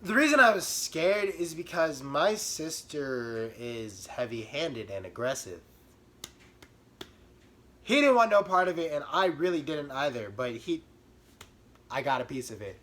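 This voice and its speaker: A young man telling a comic storytime about himself in an animated, self-mocking way. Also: on the high side, a little slow. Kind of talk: comedic storytime.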